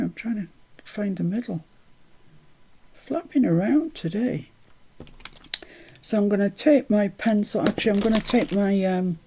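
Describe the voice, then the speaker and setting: A woman's voice: mid-range voice, dark tone. A woman hosting a live crafting stream, chatty and self-mocking, often laughing at herself.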